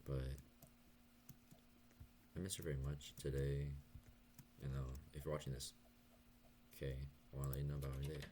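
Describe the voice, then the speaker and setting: A young man talking softly and hesitantly in a late-night confessional vlog, stuttering and pausing as he goes. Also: very deep voice, level tone, slight background noise. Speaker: vlogger.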